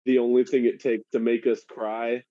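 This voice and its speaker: Podcast co-host, male, mellow tone, casual swearing, muffled dry recording. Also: mid-range voice, normal speed, a little hiss or hum. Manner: swears freely, laughs mid-sentence, animated retelling. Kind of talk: casual chat.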